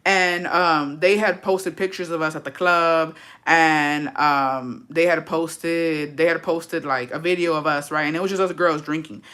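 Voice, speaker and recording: A woman's voice: low voice, steady tone, measured pace, few pauses, a bit bright. A young woman telling a personal story in a casual vlog, blunt and swearing a lot, rambling with fillers and slipping into Spanish.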